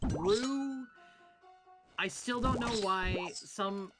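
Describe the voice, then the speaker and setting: A woman's voice: mid-range voice, very slow, loud music behind the voice. A woman chatting while playing a game with a friend, blunt and casual, swearing and thinking aloud as she plays. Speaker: co-player guest. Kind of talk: casual chat while gaming.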